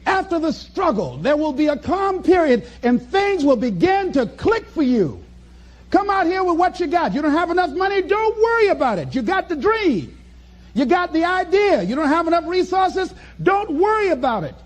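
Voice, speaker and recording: High-pitched animated motivational speaker, man. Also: moderate pace. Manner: animated, preacherly, acts out voices and chuckles. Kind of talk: motivational speech to an audience.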